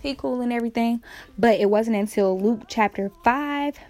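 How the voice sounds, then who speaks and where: A woman's voice: fairly high pitch, normal speed, darkish tone, soft background music. A woman casually retelling Bible stories in slang, acting out the quotes with playful energy.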